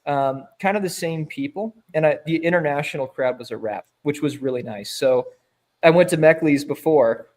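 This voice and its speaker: A man's voice: on the high side, normal speed, darkish tone. A man chatting casually as a guest, telling stories loosely with many fillers and easy laughs. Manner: rambling storyteller, many fillers, laughs easily. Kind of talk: casual chat.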